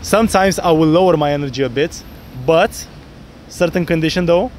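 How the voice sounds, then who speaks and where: A man with a fairly high voice coaches outdoors on a city street. He explains his approach with energy and slips into acted snippets of his pickup lines. Faint traffic hums behind him. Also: normal speed. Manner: animated, acts out pickup lines in different voices. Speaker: dating coach.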